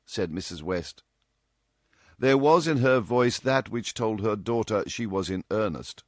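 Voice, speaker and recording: A man narrating a novel as an audiobook reader, in a steady, measured manner. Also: low voice, no room sound, clean studio sound. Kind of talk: scripted narration.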